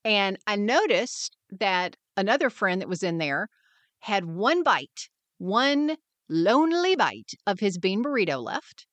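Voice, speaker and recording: A woman's voice: medium pitch, sing-song, a little slow, a bit bright, no room sound. Upbeat woman podcast host, dry sound. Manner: upbeat, encouraging, acts out quoted voices. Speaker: podcast host and wellness mentor. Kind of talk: scripted podcast monologue.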